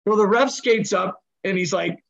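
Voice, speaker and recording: A man with a noticeably high voice tells hockey stories as an interview guest, slipping into other people's voices as he goes. His sound comes through dull and lo-fi, with the top end rolled off. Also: normal speed, gravelly. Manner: animated, acts out voices while telling stories. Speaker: hockey coach and general manager, guest. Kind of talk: conversational interview storytelling.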